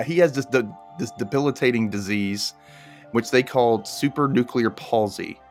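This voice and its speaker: A man casually recapping a TV episode with a co-host, often acting out the characters in a raised voice. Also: on the low side. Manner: animated, acts out characters in a raised voice. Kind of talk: casual chat.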